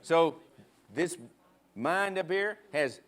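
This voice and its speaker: A man preaching a sermon in a church, emphatic, leading the congregation in call-and-response and prodding them with quick asides. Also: fairly high pitch, expressive, fairly bright tone. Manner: emphatic, prods the crowd with "huh?". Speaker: guest preacher. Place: church sanctuary.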